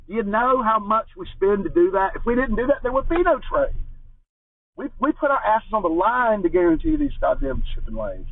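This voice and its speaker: A man's voice: high-pitched, big pitch swings, brisk, creaky, no room sound. A man delivering an angry, profane political rant in a ranting monologue style. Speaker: political commentator. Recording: muffled phone-like audio from far from the mic.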